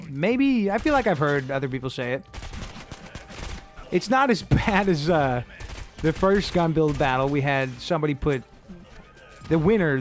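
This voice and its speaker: A man commentating casually while he plays a shooter game. He rambles, jokes and swears freely. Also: a little high. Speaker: streamer.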